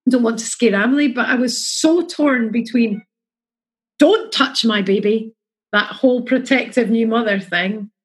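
Middle-aged woman, chatty and emotional, husky kinda higher voice. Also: moderate pace, hardly any pauses, poor audio. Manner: chatty, emotional, acts out quotes. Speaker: mother sharing her story. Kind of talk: casual storytelling.

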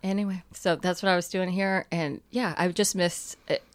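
A woman from California talks as a podcast guest, trading self-deprecating jokes. Her voice is a little low. The sound is close and dry. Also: fairly even intonation, normal speed, no echo. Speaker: guest, business owner. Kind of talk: casual interview chat.

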